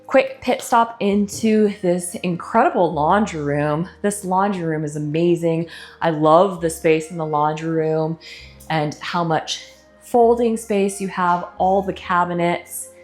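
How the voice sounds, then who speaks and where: A middle-aged woman real estate agent, her voice lowish and darkish, gives an unhurried, casual walkthrough tour inside a large house. She gushes enthusiastically about each room's features with chatty asides, and soft music plays in the background.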